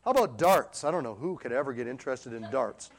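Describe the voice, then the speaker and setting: With a medium-pitched, expressive voice and a quick pace, a man preaches a sermon. He peppers the congregation with rhetorical questions, moving back and forth between soft and loud passages.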